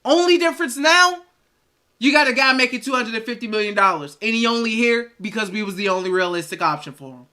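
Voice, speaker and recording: A man's voice: extremely high pitch, animated, quick pace, pushed and bright. A man hosting a live sports stream, ranting in exasperation and repeating phrases for emphasis. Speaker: sports livestream host.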